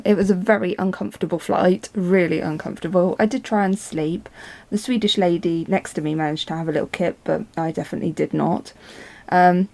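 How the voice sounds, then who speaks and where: Brief: chatty woman vlogger, mid-pitched with vocal fry, lots of ums. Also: a little mellow. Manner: chatty and rambling, many ums. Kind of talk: casual storytelling vlog.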